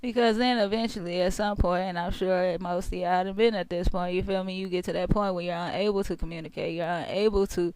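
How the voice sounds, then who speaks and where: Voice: medium pitch, steady tone, brisk, few pauses, a little mellow, slight background noise. An astrology vlogger talking casually and straight to the viewers in loose street slang, keeps checking in with the listener and chuckles between phrases. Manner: laid-back street slang, keeps asking "you feel me".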